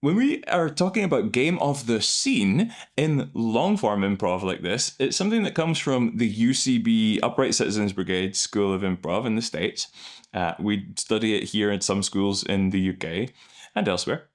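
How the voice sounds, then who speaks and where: A man's voice: lowish voice, animated, moderate pace. Enthusiastic man explaining improv. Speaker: improv coach and host. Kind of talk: reaction and analysis commentary.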